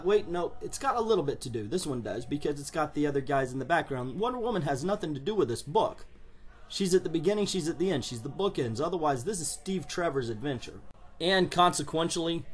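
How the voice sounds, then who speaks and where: Excitable, sarcastic male comic reviewer. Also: fairly high pitch. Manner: excitable, sarcastic, swears and laughs often.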